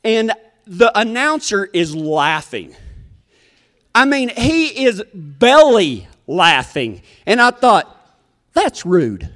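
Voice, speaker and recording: A man's voice: high voice, sing-song, takes it slowly, a bit bright, long reverb tail. A man telling a comic story in a folksy, rambling, self-deprecating way.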